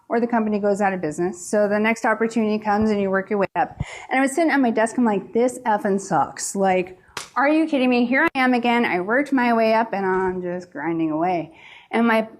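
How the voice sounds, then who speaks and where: A woman from the East Coast who owns a pizzeria, telling her story in a candid, salty way at a conference seminar. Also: fairly high pitch. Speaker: pizzeria owner giving a seminar talk. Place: large conference room.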